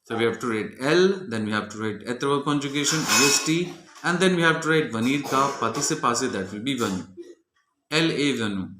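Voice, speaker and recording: A man's voice: medium pitch, animated, a little fast, roomy sound, heavy background noise. A man teaching a French grammar lesson, walking methodically through each exercise answer step by step.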